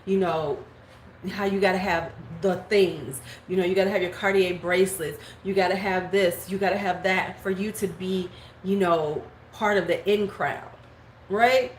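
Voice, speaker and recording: A woman in her forties chatting casually on a live stream, telling gossip and greeting viewers by name, sometimes slipping into squeaky voices to quote people. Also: fairly even intonation, normal speed. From United States. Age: 40s. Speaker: beauty vlogger. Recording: echoey room with faint background noise.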